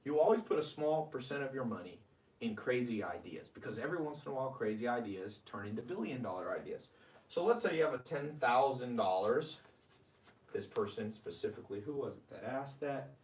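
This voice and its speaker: A man's voice: mid-range voice, animated, brisk, a little mellow, echoey room, recorded from a distance. A man hosting a live-streamed money advice talk. He talks with energy and reads viewer comments aloud. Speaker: host.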